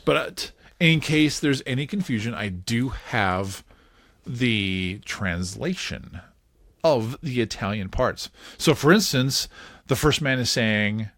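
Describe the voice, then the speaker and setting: A man hosting a casual podcast, talking in a playful, animated way and laughing often. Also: mid-range voice, slow pace, slight background noise. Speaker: podcast host.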